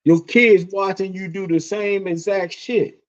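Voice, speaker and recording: Podcast co-host, man, fairly high voice, lively, swears freely, lo-fi sound. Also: a little slow. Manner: animated storytelling, swearing, laughing often. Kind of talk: casual chat. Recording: dull lo-fi sound.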